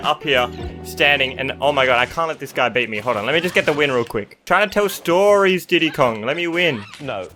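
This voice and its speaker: A young man from Australia tells stories from his school days while playing a video game, often cutting off mid-story to react to the game. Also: a little high. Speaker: gaming YouTuber. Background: game music.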